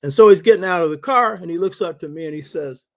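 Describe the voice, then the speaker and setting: An older man with a slightly high voice speaks as the host of his own show. He delivers a lecture-style monologue from his home study. He talks emphatically and repeats phrases to drive points home. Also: quick pace.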